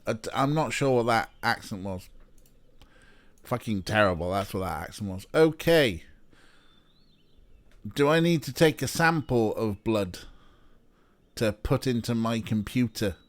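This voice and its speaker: A man's voice: medium pitch, animated, a little slow, pauses often, dry recording. A man streaming an adventure game, rambling and joking with chat, sometimes swearing while teasing a pet. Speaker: let's play streamer. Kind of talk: casual gameplay commentary.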